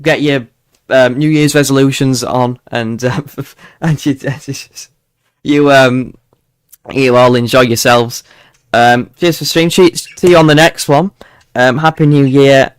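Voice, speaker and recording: This weather channel host is a Yorkshireman with a gentle accent, running a live forecast stream in a rambling, chatty way full of fillers and false starts. He speaks slowly in a steady, mid-range voice that's clear and resonant, captured in a dry recording.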